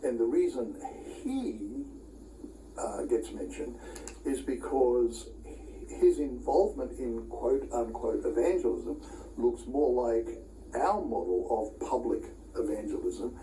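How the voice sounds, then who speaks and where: Male lecturer, chatty with dry asides and lots of uhs; warm dark tone, distant mic in an echoey room with faint ambience. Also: medium pitch, slight background noise. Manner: conversational, with dry asides and frequent uh fillers. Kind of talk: recorded Bible college lecture. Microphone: camera recording.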